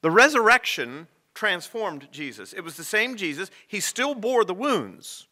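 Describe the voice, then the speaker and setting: A man preaching a sermon as rector, telling stories with dramatic pauses. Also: high-pitched, sing-song, bright, forceful tone.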